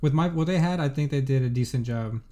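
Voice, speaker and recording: A young man chatting casually as co-host, speaking in a measured, somewhat hesitant way with false starts. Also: medium pitch, dark tone. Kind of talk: casual chat.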